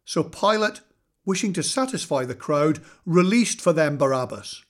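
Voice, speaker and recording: A man reading scripture aloud in a measured, solemn way, slowing for weight. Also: on the high side. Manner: measured, solemn reading with slow dramatic pauses. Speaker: scripture reader.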